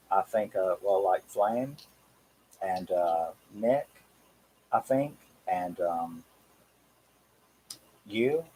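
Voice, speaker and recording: A man in his thirties with a Cockney accent talks loosely on a live stream. His voice sits fairly low and sounds husky. He rambles from point to point and keeps breaking into small chuckles. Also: dark tone, poor audio. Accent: Cockney English. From England. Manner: rambling, chatty, chuckles often. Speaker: horror channel host. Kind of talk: casual live-stream chat.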